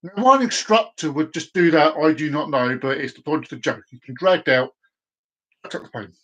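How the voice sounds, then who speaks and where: A man's voice: a little high, moderate pace, fairly bright tone. A man hosting a casual live stream, rambling and stumbling over words as he tells a long joke.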